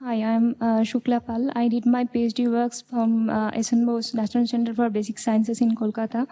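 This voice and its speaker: Female researcher, dark monotone, halting self-introduction. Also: on the high side. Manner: halting, many fillers.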